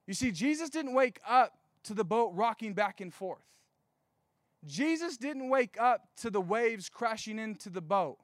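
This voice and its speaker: A young man giving a casual sermon, reading scripture and telling jokey stories, slowing down to stress key points. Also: high voice, no room sound, clean studio sound. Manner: conversational, jokey asides, slows down for emphasis.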